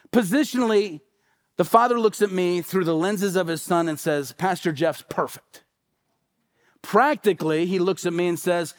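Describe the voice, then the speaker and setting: Man, pastor, middle-aged, high-pitched, emphatic sermon delivery. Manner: emphatic preaching with repeated phrases and acted-out quotes.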